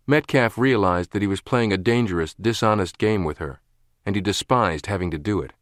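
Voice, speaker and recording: A man narrating a spy thriller audiobook in measured, expressive scripted narration. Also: lowish voice, no room sound, studio quality.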